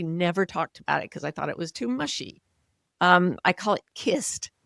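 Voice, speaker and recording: Woman, 60s, podcast guest; gravelly low voice, earnest explainer, dry close sound. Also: no room sound. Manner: earnest, explanatory, softens voice when modeling kindness. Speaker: author and coach, podcast guest. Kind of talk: conversational interview.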